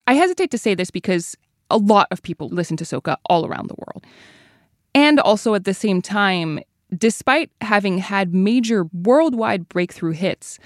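A woman's voice: mid-range voice, animated, normal speed, dry recording. Brief: female news podcast host, inquisitive and conversational, dry, close-miked sound. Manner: curious, conversational questioning. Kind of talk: interview questions.

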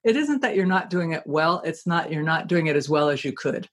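A woman's voice: low-pitched, animated, brisk. A woman hosting an interview, asking curious, probing questions. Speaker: host.

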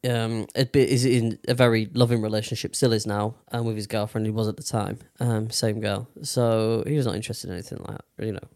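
A man's voice: lowish voice, little pitch movement, a little fast, hardly any pauses, a little mellow, no echo. Young guy rambling thru a story, swears loads, dry close sound. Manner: swears a lot, rambling with many fillers. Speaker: podcast co-host. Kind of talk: casual storytelling chat.

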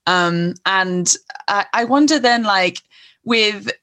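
A woman with an ordinary mid-range voice leads the interview in an easygoing, chatty way. She thinks out loud as she goes, with fillers and small restarts between her thoughts. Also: medium pitch, takes it slowly, smooth. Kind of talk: casual conversational interview.

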